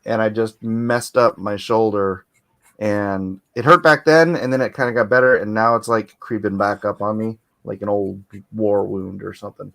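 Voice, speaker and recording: A man's voice: on the low side, fairly even intonation, moderate pace, gravelly, a bit bright. A man hosting a casual livestream chat on a computer mic, rambling and laughing often. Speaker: livestream host. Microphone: computer mic on a video call.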